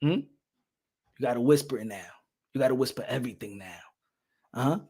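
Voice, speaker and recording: A man hosting a boxing podcast in a loud, animated rant, laughing and swearing often. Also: medium pitch, moderate pace, husky. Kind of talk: casual livestream rant.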